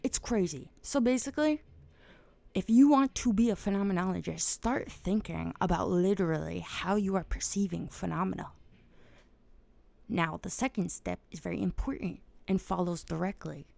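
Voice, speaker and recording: A woman hosting a podcast, talking through ideas casually from home at night, bursting into loud excited swearing at times. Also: on the low side, moderate pace, creaky, no room sound. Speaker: podcast host. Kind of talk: casual explainer monologue.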